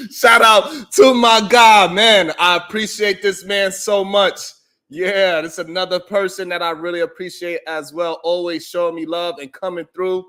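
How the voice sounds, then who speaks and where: Male livestream host with a high-pitched voice, joking and boastful, laughing often, casual monologue to his chat. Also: a little slow, sharp tone.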